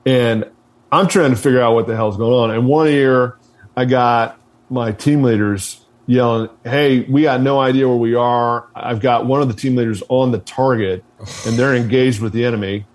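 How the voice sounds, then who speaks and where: Guy telling an old mission story, blunt, swears a lot, keeps restarting sentences, mid pitch. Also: moderate pace. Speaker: guest, military veteran. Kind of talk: casual storytelling.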